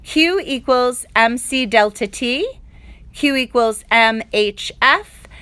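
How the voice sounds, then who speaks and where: A woman teaching a chemistry review, her voice bright and crisp. She is upbeat and walks through each step, throwing in playful sound effects. The recording is dry and close. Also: on the high side, lively intonation, takes it slowly, no echo. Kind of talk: live online review lesson.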